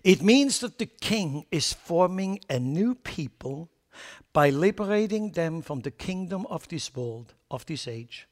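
His pitch is on the high side, his intonation lively, and his pace a little slow. The man sermonizes forcefully, shifting between loud statements and quiet remarks while bluntly mocking foolish notions.

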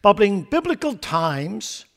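A male pastor preaching a sermon, animated and putting questions to his congregation. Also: sits high, slow, creaky, big-room sound.

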